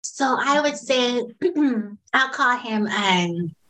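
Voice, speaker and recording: A woman who coaches children and families, telling client stories in an animated, conversational interview. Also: a little high, drawn-out words, poor audio.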